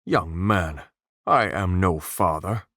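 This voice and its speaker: A stern, curt old monk, as a male narrator puts him on, speaking in clipped, disapproving lines. His voice sits low and sounds close and dry, like a storybook reading. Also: very animated, normal speed, dry recording. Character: stern old monk with a hard-to-place accent.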